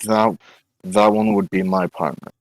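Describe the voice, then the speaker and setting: A man in a tabletop game delivers his character's lines in a somewhat low, loud voice. His speech sounds dry and close. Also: fairly even intonation, measured pace, no echo. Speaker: player.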